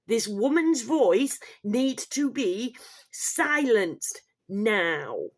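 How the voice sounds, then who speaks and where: Sweary, slow-talking woman ranting. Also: on the high side, very animated. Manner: heated, sweary, emphatic. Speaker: vlogger. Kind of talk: ranting vlog monologue.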